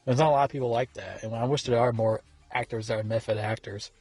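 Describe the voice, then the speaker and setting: A man reviewing a movie in a loose, rambling way, swearing often and stumbling through fillers and restarts. His voice sits at a middle pitch. It is recorded dry, with faint music underneath. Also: steady tone, fast, darkish tone, slightly rough, no room sound. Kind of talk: casual film review.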